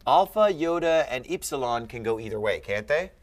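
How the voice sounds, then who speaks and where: A man's voice: medium pitch, animated, moderate pace. A man tutoring a student in Greek grammar, patient and asking leading questions. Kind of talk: one-on-one grammar lesson.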